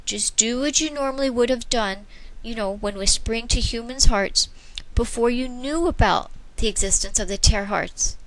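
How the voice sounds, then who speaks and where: A wise old grandfather spirit guiding the children in a storybook reading, as a woman puts him on. He speaks calmly, gently and reassuringly. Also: a little high, normal speed, natural voice.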